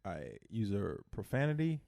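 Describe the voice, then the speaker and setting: Gravelly-voiced male podcast host. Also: fairly low pitch, sing-song, normal speed, dark tone, no room sound, studio quality. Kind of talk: casual podcast chat.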